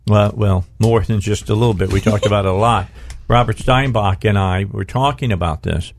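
A man's voice: fairly low pitch, moderate pace, gravelly, slight background noise. A middle-aged man hosting a talk radio show from his studio, rambling and restarting his sentences, stretching out words for emphasis.

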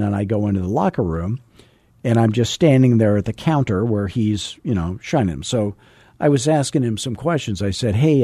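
Podcast guy from arizona rambling thru a story, warm low voice, lots of uh and you know. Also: breathy edge, dry recording. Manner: chatty, self-deprecating, lots of fillers. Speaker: real estate coach and podcast host. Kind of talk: casual storytelling monologue.

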